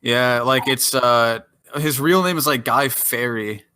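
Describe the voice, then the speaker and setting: A man's voice: medium pitch, bright, forceful tone. A man co-hosting a podcast in casual chat, joking, teasing and swearing freely. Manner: joking, profane, quick to tease. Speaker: podcast co-host.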